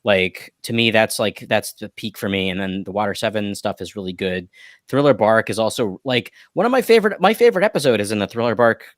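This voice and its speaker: A man's voice: lowish voice, lively intonation, fairly quick, dry recording, studio quality. A man co-hosting a podcast, talking casually about anime with plenty of fillers and restarts. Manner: rambling, hedging with many fillers. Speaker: podcast co-host.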